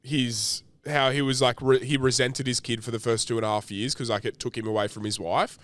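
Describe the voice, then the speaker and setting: A man's voice: medium pitch, flat delivery, fairly quick, a bit bright. A young man, co-hosting a podcast in casual, crude, rambling chat full of slang. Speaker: podcast co-host.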